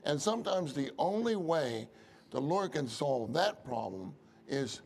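A man's voice: a little high, sing-song, a little slow, darkish tone, a little hiss or hum. A man preaching a conversational church sermon, often asking the congregation questions.

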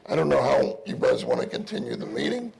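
A man giving an informal, earnest sermon at a meeting, crying out loudly when he calls on the Lord. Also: mid-range voice, huge pitch swings, fast, creaky, a little hiss or hum. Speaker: preacher at a church meeting.

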